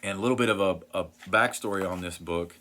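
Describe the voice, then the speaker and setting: Brief: low-voiced man, earnest video host, rambles a bit with lots of ums. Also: quick pace, sharp tone. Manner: earnest, rambling, many fillers and restarts. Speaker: Christian vlogger sharing book recommendations. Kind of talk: casual talk to camera.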